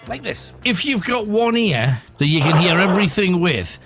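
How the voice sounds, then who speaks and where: A chatty, joking man hosts a late-night radio phone-in, his voice pitched high. He coaxes callers along in a loose, friendly patter. Music plays clearly behind him. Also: sing-song, moderate pace. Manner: chatty, jokey, coaxing.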